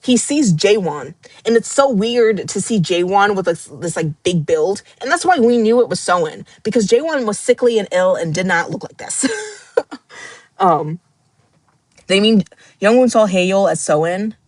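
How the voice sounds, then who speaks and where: A woman's voice: mid-range voice, animated, unhurried, darkish tone, dry recording. A woman hosting a casual live book club stream, getting emotional, laughing and nearly crying as she rereads passages. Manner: emotional, laughing and near tears while rereading. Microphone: glasses-wearing streamer at her screen.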